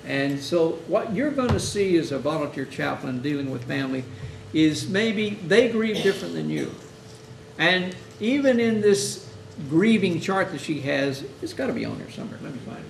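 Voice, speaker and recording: A man's voice: a little high, very animated, moderate pace, gravelly. A man teaching hospital chaplains in a conversational lecture, often acting out exchanges with grieving families. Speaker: chaplain instructor. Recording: echoey room, mic far off, faint hiss.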